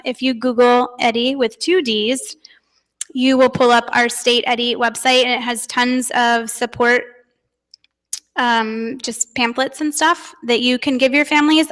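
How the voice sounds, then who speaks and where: A middle-aged woman speaking at a conference, with a fairly high voice. She tells family anecdotes in a chatty, animated way and laughs often between stories. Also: long reverb tail. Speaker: parent giving a conference talk. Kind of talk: conference talk told through family anecdotes.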